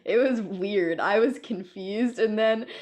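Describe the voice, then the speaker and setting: Telling stories and laughing a lot, a young podcast co-host chats casually from home, with a cat in the room. She speaks slowly in a medium-pitched voice with a somewhat dark tone.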